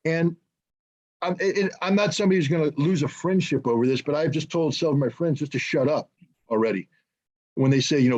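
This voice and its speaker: Indignant American male panel guest, slightly high voice, muffled lo-fi sound. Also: a little mellow. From United States. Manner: impassioned, indignant, halting restarts. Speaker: guest commentator. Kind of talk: online panel discussion.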